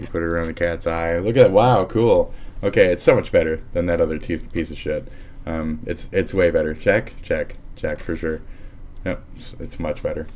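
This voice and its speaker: A man's voice: deep voice, darkish tone, lo-fi sound. A man live streaming as he shows off an editing program, rambling and swearing in a sarcastic, mocking way, often trailing off into mutters. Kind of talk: casual profane streaming chat.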